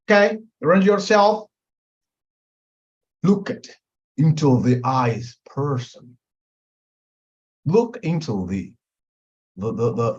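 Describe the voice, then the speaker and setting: A man's voice: mid-range voice, darkish tone, muffled recording. A man teaching mediation in a webinar, with an emphatic, repetitive delivery that stretches out key words. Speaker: mediation instructor.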